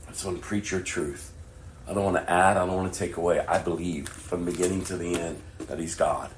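Middle-aged male pastor, low-pitched, passionate sermon delivery with whispered lows, roomy echo. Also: fairly even intonation, fairly quick, slight background noise. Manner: swings from hushed whispers to loud, impassioned preaching. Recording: echoey room with faint ambience.

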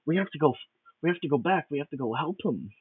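A man's voice: a little high, animated, fast, breathy edge, dry recording, pitched above the performer's own voice. Man doing an earnest young miner. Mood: urgent. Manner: urgent, earnest. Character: worried young male miner looking for his friend. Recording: tinny phone-like recording.

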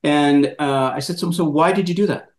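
A man hosting an interview, telling a personal story in a lively, animated way and acting out quotes. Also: a little high, a little fast, reverberant. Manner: animated, laughing storyteller who acts out quotes. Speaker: podcast host, moderator. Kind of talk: casual storytelling in conversation.

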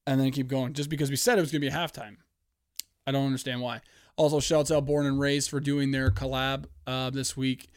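A man from Canada hosting a solo podcast, animated, profane and rambling. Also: medium pitch, fairly quick, no echo, studio quality. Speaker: podcast host. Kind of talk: casual solo podcast rant.

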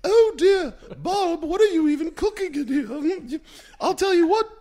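A man putting on a high, breathy falsetto impression of an older woman TV cook in an audio podcast. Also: animated, unhurried, mellow. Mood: delighted.

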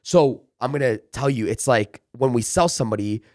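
A man's voice: medium pitch, lively intonation, moderate pace, darkish tone, no echo, studio quality. A man talking as a sales trainer in a casual podcast interview, emphatic and coaching, acting out pep talks. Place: office.

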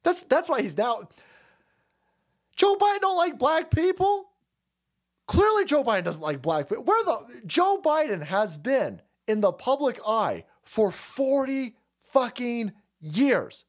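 A man with an extremely high, sing-song voice hosts a livestream, speaking unhurriedly as he rants about politics. He's heated, crude and mocking, swearing constantly throughout.

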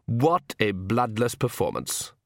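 A man's voice: lowish voice, big pitch swings, takes it slowly, creaky, no echo, studio quality, exaggerated voice. Man playing a suave vampire count. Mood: smooth menace. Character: suave aristocratic male vampire count, menacing.

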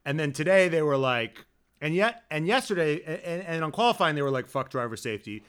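High, bright, excitable man telling stories. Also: a little fast, clear, resonant tone. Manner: animated storyteller, acts out quotes with big pitch swings; stammering restarts. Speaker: podcast co-host. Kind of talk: casual comedic chat.

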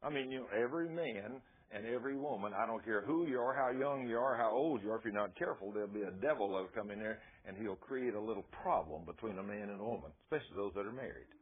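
A man preaching a sermon in a folksy, conversational and emphatic way, with a husky voice. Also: on the low side, fast, few pauses. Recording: tinny phone-like radio broadcast.

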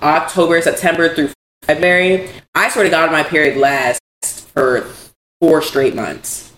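A young woman co-hosting a podcast in casual chat, candid and animated, swearing freely. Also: deep voice, unhurried. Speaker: podcast co-host. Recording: echoey room, faint background noise.

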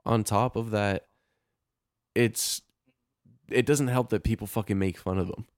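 Young man, very low voice, dry close sound, jokey podcast co-host. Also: fairly even intonation, unhurried, no room sound. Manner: laid-back, jokey, chimes in. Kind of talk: casual chat.

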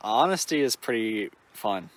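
Deadpan, lower-voiced man with short replies. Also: measured pace. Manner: dry, laconic. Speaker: podcast co-host. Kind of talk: casual chat.

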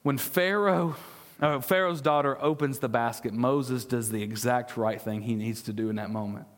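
A man's voice: medium pitch, moderate pace, long reverb tail. A man preaching a sermon as pastor, earnestly asking his congregation questions and sometimes stumbling over repeated words. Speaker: discipleship pastor. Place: church sanctuary.

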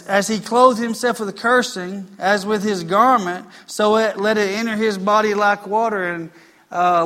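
A man preaches from the pulpit, his voice pitched high and ringing bright. He talks folksy and plain, circling back on his phrases and slipping into homespun stories. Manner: folksy, repetitive, storytelling. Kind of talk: conversational sermon. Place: church.

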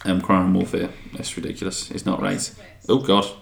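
A man's voice: low-pitched, monotone, normal speed, creaky. A man hosting a casual podcast chat, rambling and swearing casually. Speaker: podcast host. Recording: echoey room.

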